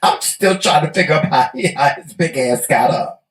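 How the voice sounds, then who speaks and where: A man co-hosting a casual talk show, telling stories in an animated, teasing way and laughing often. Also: fairly high pitch, moderate pace, echoey room, rough recording. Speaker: co-host. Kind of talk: casual chat.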